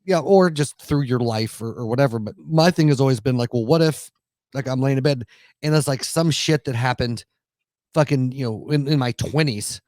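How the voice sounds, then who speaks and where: A man co-hosts a podcast in loose, rambling talk, swearing freely as he goes. His voice sits at a medium pitch, and the dry, close mic carries no room sound at all. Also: moderate pace, a little mellow, no room sound. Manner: rambling, profane, laughing. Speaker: podcast co-host. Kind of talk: casual podcast chat.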